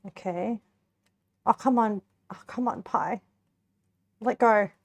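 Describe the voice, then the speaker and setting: This young woman streamer takes her time, speaking in a mid-range voice with vocal fry while she makes and tastes a pie. She chats casually with her viewers as she eats, with the occasional giggle.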